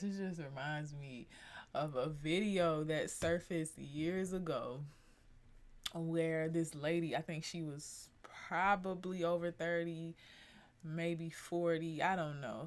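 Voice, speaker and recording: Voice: medium pitch, slow pace. Laid-back reaction video host. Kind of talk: casual commentary.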